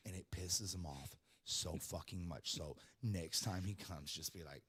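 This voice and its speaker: A man with a somewhat low voice trades casual, brash banter. He swears freely and talks with easy swagger. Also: unhurried, fairly bright tone, slightly rough. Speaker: show guest. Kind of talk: casual chat.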